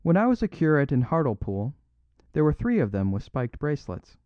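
A man voicing a modest little priest who explains things simply and with gentle apology. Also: a little high, sing-song, brisk, dry recording, lo-fi sound, pitched above the performer's own voice. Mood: mild apologetic.

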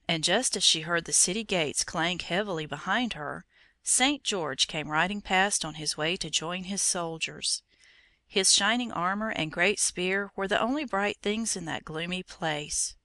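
A woman reading an old fairy tale aloud in a measured, expressive storytelling manner. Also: fairly low pitch, no room sound. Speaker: narrator.

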